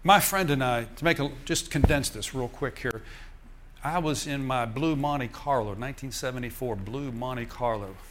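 An older male preacher tells his own story from the pulpit, lively and chuckling as he speaks to the congregation. His voice sits at a middle pitch, and his delivery is conversational and animated. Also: normal speed, background noise. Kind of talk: sermon testimony. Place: church.

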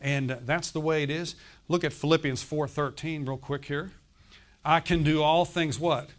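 The pastor, a man in his sixties, keeps a steady tone and moderate pace in his fairly high voice. His preaching is emphatic, and he regularly asks the congregation questions, seeking their answers.

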